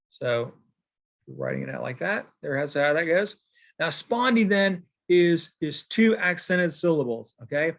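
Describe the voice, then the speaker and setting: A man's voice: a little high, a bit bright. A man teaching a poetry lesson in a casual, rambling way, full of fillers and frequent "okay?" check-ins while he marks examples by hand. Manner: writes on a board while explaining. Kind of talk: recorded lecture.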